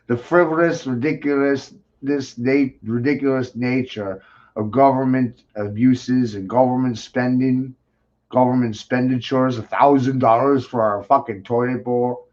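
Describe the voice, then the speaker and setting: Swearing ranting man, lo-fi sound. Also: mid-range voice. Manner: crude, swearing, mocking rants with sudden loud outbursts. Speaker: show host. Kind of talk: profane ranting talk show.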